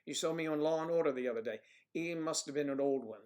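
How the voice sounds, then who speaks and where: A man hosting a casual livestream, rambling through stories and viewer messages and trailing off into low mutters as he clicks around. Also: quick pace, darkish tone. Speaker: livestream host.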